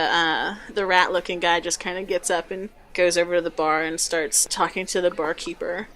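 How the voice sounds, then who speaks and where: A woman's voice: lowish voice, fairly bright tone. A woman game master casually narrating a tabletop fantasy game, with fillers and light laughs.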